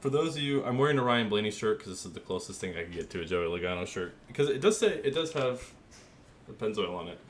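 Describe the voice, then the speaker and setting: Talking fast to his chat, a young gaming streamer jokes around and laughs easily as he designs a paint scheme. His voice is fairly low and expressive, and there's slight background noise.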